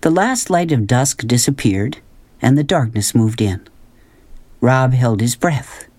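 A calm, measured narrator reading a children's novel aloud. The pace is slow and unhurried, with a middle pitch. The recording is dry and close, with no room sound. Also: no echo. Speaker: audiobook narrator. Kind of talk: scripted narration.

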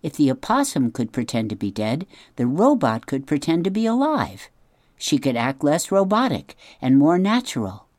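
A woman narrating a children's audiobook in an expressive storytelling manner, dropping soft at asides. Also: low voice, normal speed, dry recording. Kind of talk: scripted narration.

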